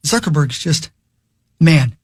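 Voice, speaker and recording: High-voiced man telling a rambling story. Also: lively intonation, slow, husky, no echo, studio quality. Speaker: radio show host. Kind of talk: casual sports radio chat. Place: radio studio.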